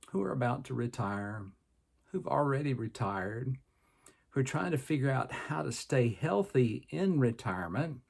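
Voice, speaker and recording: An older Southern American man who works as a personal trainer hosts his podcast with a folksy, meandering monologue packed with filler words. His voice is medium in pitch, darkish, and marked by vocal fry.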